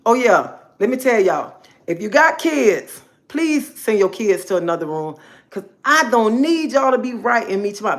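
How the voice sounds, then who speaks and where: A woman chatting casually on a livestream, bossy and scolding. She talks at a middling pitch, repeats each point, and keeps checking in with her viewers. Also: big pitch swings, normal speed. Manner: bossy, repetitive, scolding, keeps asking okay. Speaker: livestream host.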